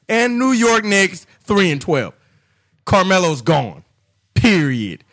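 A man's voice: sits high, sing-song, a little slow, a bit bright. A man co-hosting a casual sports chat, ranting in an exasperated way. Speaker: sports podcast co-host.

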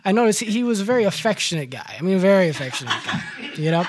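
Guy rambling thru a story on a panel, keeps repeating himself, high voice. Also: sing-song, crowd noise. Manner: halting, repeats words often. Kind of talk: casual panel talk with storytelling.

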